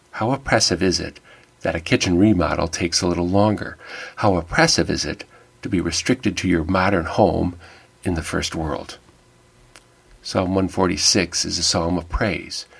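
Middle-aged man, deep husky voice, earnest and wry, reflective devotional talk. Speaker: devotional speaker. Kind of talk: personal reflective monologue.

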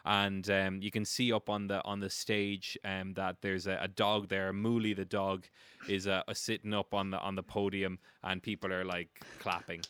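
A man's voice: deep voice, level tone, moderate pace, a bit bright, clean tone. A man narrating a tabletop game as game master, in a rambling style full of fillers and laughter.

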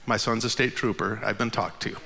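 A man in his fifties telling a funny personal story, his voice leaping up at the punchlines and sinking low and quiet for the tired asides. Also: a little fast, gravelly, big-room sound, slight background noise. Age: 50s. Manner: animated, jumps high in pitch at the funny parts.

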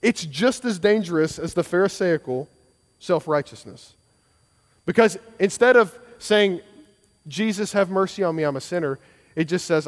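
A man's voice: sits high, expressive, moderate pace, big-room sound. A man preaching a sermon as pastor, earnest and conversational, with frequent restarts and repeated phrases.

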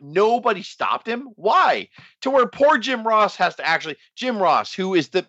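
A man's voice: high-pitched, big pitch swings, normal speed, sharp tone, no room sound, dull audio. A man co-hosting a casual wrestling podcast, profane and laughing, ranting and slipping into mocking voices. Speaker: podcast co-host.

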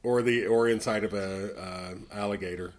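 A man from Tennessee co-hosts a casual podcast and lays out his ideas in a thoughtful, measured way. His voice sits a little low and he speaks unhurriedly. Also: fairly even intonation. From Tennessee, USA. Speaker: podcast co-host.

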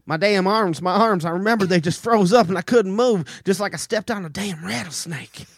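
A man voicing a frightened rural Southern man with a Southern accent, talking in a loud, breathless, pleading way. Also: high voice, fairly quick, dry recording, studio quality, pitched above the performer's own voice. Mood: panicked.

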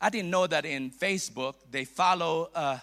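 A middle-aged man with a Filipino accent preaching a sermon as a bishop, playful and animated, with laughs and asides. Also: fairly high pitch, moderate pace, creaky. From Philippines.

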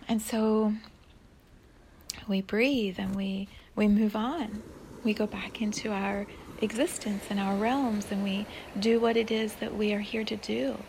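A woman hosting a spiritual podcast, talking in a soft, dreamy way that often sinks into a breathy whisper. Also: mid-range voice, steady tone, unhurried, slight background noise. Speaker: podcast host.

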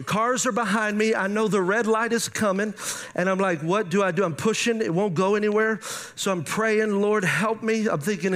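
A man's voice: sits high, fairly even intonation, normal speed, a bit bright. A middle-aged man, preaching a sermon and telling a story animatedly, acting out his own thoughts as he goes. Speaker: pastor.

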